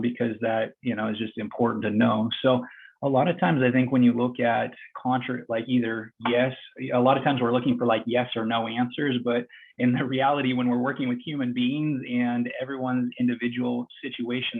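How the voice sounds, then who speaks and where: A physical therapist speaking while doing an exercise demonstration, slightly out of breath, plain and encouraging. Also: male voice, medium pitch, creaky, breathy edge, narrow, tinny audio. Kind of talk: instructive explanation during a live demo.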